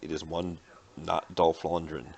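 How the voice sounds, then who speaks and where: A man running a tabletop game as game master, explaining rules and narrating scenes in a relaxed, rambling way. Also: a bass voice, a little slow, creaky.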